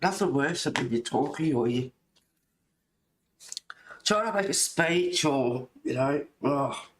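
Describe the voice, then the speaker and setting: A woman's voice: sits low, expressive, slow pace, reverberant, slight background noise. A woman hosting a live colouring stream, chatting casually, reading and answering viewers, laughing often. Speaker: livestream host reading chat. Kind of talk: casual chat while colouring. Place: home room at a table.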